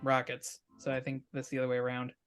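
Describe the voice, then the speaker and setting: An awkward teenage boy superhero who stammers and hedges, with a dry, wry edge, as a man plays him at a tabletop game. His voice sits at an ordinary middle pitch. Faint music runs in the background. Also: monotone, fast, fairly bright tone, smooth, lightly acted. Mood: flustered. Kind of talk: tabletop role-play.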